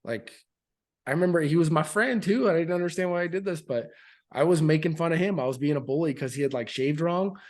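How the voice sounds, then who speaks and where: A man's voice: a little high, fairly quick. Frank man in his thirties. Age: 30s. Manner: frank and earnest, with loose fillers and restarts. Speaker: podcast guest, military veteran. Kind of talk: candid interview storytelling.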